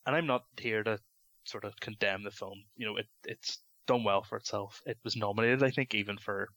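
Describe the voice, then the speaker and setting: A man from London, a podcast guest talking casually and at an easy, measured pace, with many ums. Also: fairly low pitch, steady tone, fairly bright tone.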